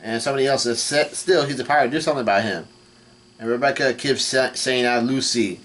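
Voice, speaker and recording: This male vlogger, pitched in the middle range, gives a casual recap of a manga while reading through it. He stumbles and restarts often, leans on fillers, and delivers dialogue lines in a flat tone.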